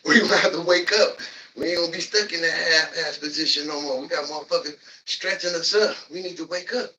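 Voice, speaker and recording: A man huffs and puffs through a workout as he preaches encouragement, breaking into loud whoops between lines. His voice is bright and raised a touch higher than usual for a man. He sits at a distance from the microphone. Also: moderate pace. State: out of breath from exercising. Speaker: livestreamer leading a workout. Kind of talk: motivational workout talk. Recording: voice distant from the mic.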